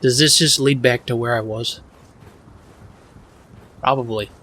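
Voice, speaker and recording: A man's voice: mid-range voice, fairly even intonation, a little slow, pushed and bright, slight background noise. A man giving casual, rambling commentary while playing a game, mocking himself and swearing freely as he goes. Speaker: gaming channel host.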